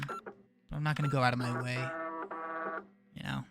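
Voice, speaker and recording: A man's voice: mid-range voice, moderate pace, creaky, long pauses, a bit bright, soft background music. A young man casually commenting while playing a puzzle game, thinking aloud and muttering to himself. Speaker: gaming video creator. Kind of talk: casual let's play commentary.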